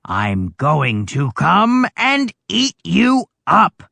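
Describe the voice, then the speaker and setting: A storybook reader voicing a hungry, greedy male troll who guards a bridge, dropping lower and gloating. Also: huge pitch swings, drawn-out words, vocal fry, sharp tone, dry recording, exaggerated voice. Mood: menacing.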